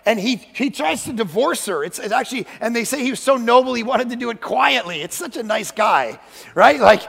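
A man with a high, gravelly voice preaches as a guest speaker, joking and acting out the people in his stories. His words ring out with a long reverb through a large church hall. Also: fairly quick. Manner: animated, joking, acts out quoted voices, sudden shouts. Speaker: guest pastor. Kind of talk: energetic comedic sermon. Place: church sanctuary.

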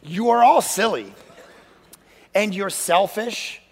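A male guest pastor giving a lively, joking sermon in a church, acting out voices and sometimes shouting. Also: sits high, slow, slightly rough. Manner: animated, joking, acts out quoted voices, sudden shouts. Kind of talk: energetic comedic sermon. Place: church sanctuary. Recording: long hall reverb.

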